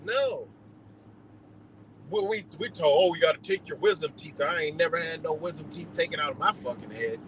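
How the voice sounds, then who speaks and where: A man's voice: on the high side, fast, hardly any pauses, a bit bright, a little hiss or hum, poor audio. A man ranting heatedly and profanely in a rambling live monologue, streaming from a car on the road. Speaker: livestreamer.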